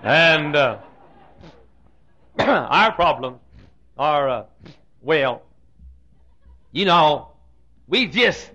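A man with a Southern US accent preaching a humorous sermon, telling a story with joking asides and frequent throat clearing. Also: a little high, expressive, drawn-out words, long pauses, bright, forceful tone. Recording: dull lo-fi sound.

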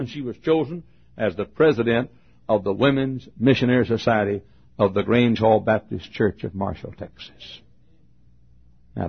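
An older man preaching a fervent sermon as pastor, swinging from shouted exhortation to low, quiet asides. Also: gravelly, slightly rough. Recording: dull lo-fi sermon recording.

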